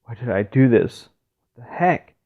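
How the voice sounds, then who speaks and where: A man voicing a despairing woman facing auction, speaking in a soft, hopeless way in his own voice. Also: mid-range voice, sing-song, moderate pace, creaky. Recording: dull lo-fi recording.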